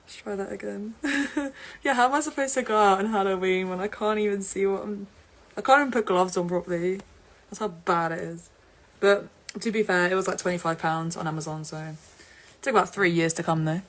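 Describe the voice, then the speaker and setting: A woman's voice: mid-range voice, fairly quick. A young woman from England, chatting casually and giggling on an Instagram live stream. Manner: giggly and chatty, laughs often.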